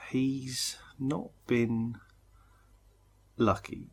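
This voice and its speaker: A man's voice: medium pitch, steady tone, very slow, vocal fry, husky. A tired man co-hosting a casual chat show, rambling and wry, and often laughing. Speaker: podcast co-host. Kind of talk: casual chat about motor racing.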